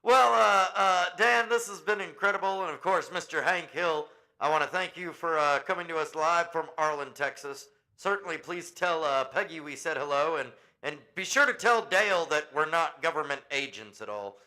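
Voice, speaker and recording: A man hosting a casual talk show in a jokey, upbeat manner. His voice sits on the higher side for a man, bright and sharp. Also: moderate pace, hardly any pauses, poor audio. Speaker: podcast host. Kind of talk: casual chat.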